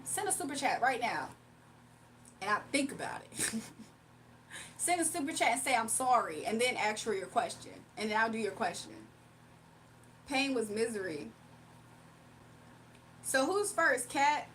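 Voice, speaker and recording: A woman's voice: sits high, fairly bright tone, distant mic, a little hiss or hum. A woman reading tarot on a livestream, reading chat comments aloud and trading blunt, sassy trash talk with frequent laughs. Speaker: tarot reader streaming live.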